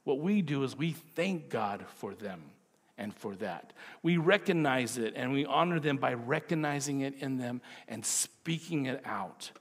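New Zealand pastor preaching in a reverberant hall. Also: male voice, medium pitch, lively intonation, a little slow. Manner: conversational preaching, rising to playful bursts. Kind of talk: sermon.

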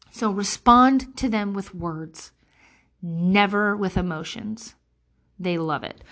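A woman's voice: mid-range voice, a little slow, fairly bright tone. A woman in her thirties in a candid, rambling personal monologue, blunt and emotionally intense, swearing freely. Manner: rambling with many fillers and restarts. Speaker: vlogger.

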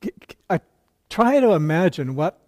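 A man's voice: high voice, big pitch swings, moderate pace, darkish tone. A male pastor preaching a sermon, retelling a story earnestly with quoted dialogue and occasional stumbles.

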